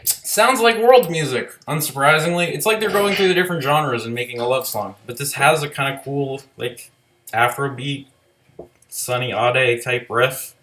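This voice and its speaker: A man talking through an album track by track in a loose, casual way. He rambles, leans on "like" constantly and swears offhandedly. His voice sits at an ordinary middle pitch. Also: moderate pace, a bit bright, a little hiss or hum. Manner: rambling, many "like" fillers, loose profanity. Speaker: album reviewer. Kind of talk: casual spoken music review.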